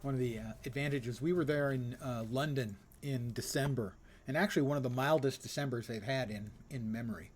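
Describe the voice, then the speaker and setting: An older man streaming a game, chatting casually and rambling with frequent filler pauses. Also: medium pitch, slight background noise. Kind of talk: casual gaming commentary.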